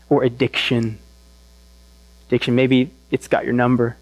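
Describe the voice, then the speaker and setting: A man's voice: mid-range voice, level tone, moderate pace, dry recording. A man giving a sermon as pastor, in a casual, emphatic style with slangy asides.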